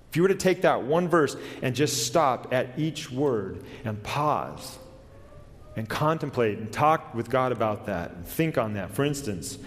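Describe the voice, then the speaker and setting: A man preaching a sermon in an earnest way. He slows down and drops his voice to a hush on key words. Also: medium pitch. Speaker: pastor. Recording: long hall reverb.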